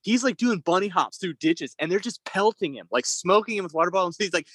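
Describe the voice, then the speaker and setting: Young man, lively, swearing storyteller. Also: sits high, a little fast, hardly any pauses, husky. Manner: rambling, profane, laughs while telling stories. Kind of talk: casual storytelling chat.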